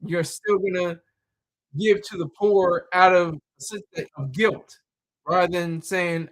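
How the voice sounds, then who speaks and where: A man's voice: high-pitched, fairly even intonation, unhurried. A man talking in a loose, rambling monologue, full of fillers, repeated words and restarts.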